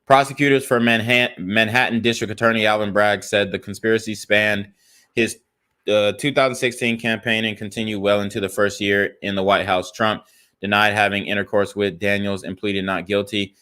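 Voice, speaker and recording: Young guy ranting angry over the news, swears a lot, lowish smooth voice. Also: flat delivery, normal speed, bright, forceful tone. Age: young adult. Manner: angry, profane, reads viewer comments and news aloud. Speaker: commentary channel host. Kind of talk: political reaction commentary.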